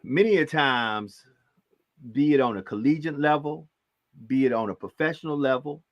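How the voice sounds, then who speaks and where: A man co-hosting a podcast, talking in a calm, measured way. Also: a little high, no room sound. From Louisiana. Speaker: podcast co-host. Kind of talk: casual chat. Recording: dull, muffled dry mic.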